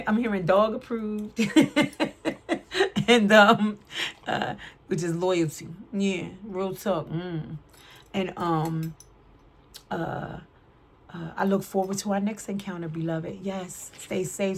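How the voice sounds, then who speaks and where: Woman, tarot reader, casual chatty reading, slightly low voice, keeps asking "right?". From New York City. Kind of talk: casual spiritual card reading.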